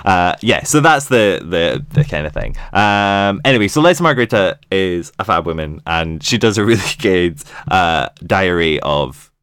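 Lively English man, low voice, chatty. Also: clean tone, no room sound, studio quality. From England. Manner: chatty, animated, quick asides. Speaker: podcast co-host. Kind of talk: casual chat.

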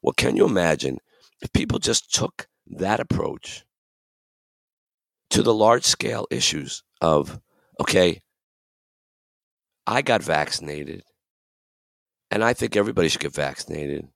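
A man's voice: low voice, animated, unhurried, gravelly, pauses often, a bit bright, no room sound, clean studio sound. A man hosting a podcast, talking earnestly and emphatically and acting out the voices he quotes. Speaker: podcast host. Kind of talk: reflective podcast talk.

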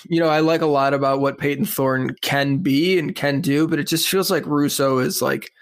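A man's voice: on the high side, steady tone. A man hosting a sports podcast, reading sponsor spots and chatting with a guest. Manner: upbeat, reads sponsor copy briskly. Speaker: podcast host. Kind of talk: casual sports podcast and ad reads.

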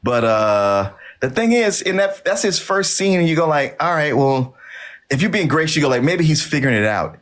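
Lively wry male co-host. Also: fairly high pitch, normal speed. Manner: wry, laughing asides. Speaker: podcast co-host. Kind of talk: casual movie commentary.

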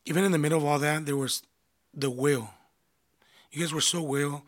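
Man, pastor, marriage counselor, earnest, restarts phrases, higher voice. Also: fairly even intonation, moderate pace. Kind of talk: casual conversation.

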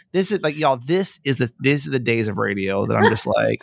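A man's voice: medium pitch, a little fast, gravelly, hardly any pauses, no room sound. A young man who hosts radio and a podcast, telling stories in casual chat, acting out quotes and swearing often. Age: young adult. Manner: animated storytelling, acting out quotes, frequent swearing.

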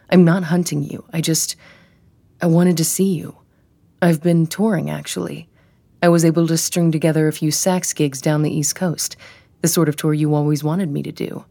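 A woman reading an audiobook, voicing a smug, pushy man who keeps justifying himself in a glib, quiet way. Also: low voice, gravelly, no echo. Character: male ex-boyfriend, smug, pushy, self-justifying.

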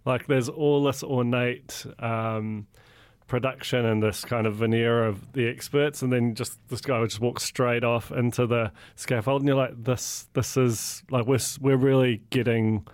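A man's voice: medium pitch, steady tone, measured pace, no room sound. A man with a New Zealand accent co-hosting a podcast, musing and analytical, with hesitations. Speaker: podcast co-host. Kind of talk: casual chat.

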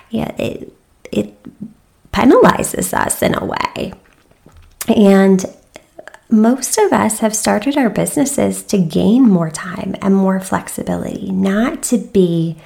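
Slow, gravelly-voiced woman podcaster. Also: medium pitch, darkish tone. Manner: earnest, motivational, with many fillers and restarts. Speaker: podcast host. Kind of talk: reflective solo podcast talk.

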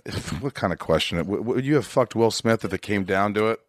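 A man with a lively, swinging voice hosts a loose podcast chat. He fires off quick questions and laughs along. The sound is dry and close. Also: on the low side, no room sound. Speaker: podcast host. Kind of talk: casual interview chat.

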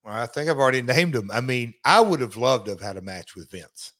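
A middle-aged man, chatting casually as a podcast host, halting with many restarts and fillers. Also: medium pitch, expressive, a bit bright. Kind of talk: casual chat.

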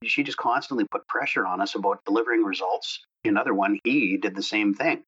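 A man co-hosting a casual podcast discussion, talking in a relaxed conversational way. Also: fairly low pitch, a little fast, slightly rough, muffled recording. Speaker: co-host.

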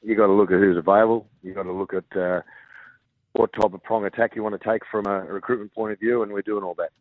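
An Australian man, a rugby league coach, talking haltingly with many fillers and restarts in a radio interview over the phone. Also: fairly low pitch, fairly even intonation, dry recording. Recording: tinny phone line.

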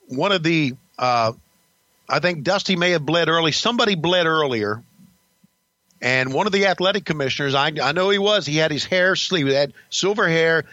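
Brief: older male host, bright forceful voice, blunt and profane storyteller, dull dry recording. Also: a little high, no room sound. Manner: blunt, profane, rambling with restarts. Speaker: podcast host recalling wrestling career. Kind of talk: casual storytelling.

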